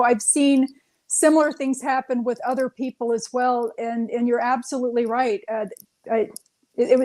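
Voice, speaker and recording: Woman interviewer, a bit high pitched, encouraging the guest, casual talk. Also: dark tone, poor audio. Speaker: host.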